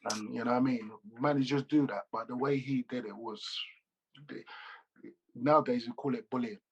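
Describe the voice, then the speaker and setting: A man, a former footballer, telling animated, slangy stories as an interview guest over a video call. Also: mid-range voice, normal speed, dull audio, a little hiss or hum. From England. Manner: animated, loose slangy storytelling with repeats. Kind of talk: casual interview storytelling.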